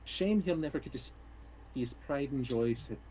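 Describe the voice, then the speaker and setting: A man voicing a weary, gruff male soldier resigned to his death, in a low, grim drawl with a put-on borderline Irish accent. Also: expressive, moderate pace, dark tone, a little hiss or hum, natural voice, low-quality recording.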